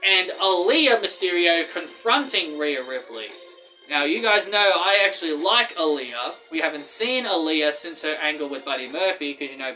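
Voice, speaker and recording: A man's voice: high-pitched, sharp tone. A man giving a blunt, ranting opinion review of a wrestling show. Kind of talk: opinionated commentary vlog.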